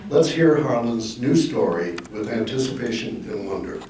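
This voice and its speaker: A man's voice: medium pitch, lively intonation, heavy background noise. A man hosting a community story hour, introducing the next storyteller with teasing jokes. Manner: teasing, unhurried. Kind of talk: warm introduction with gentle jokes. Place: community hall. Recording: echoey room, mic far off.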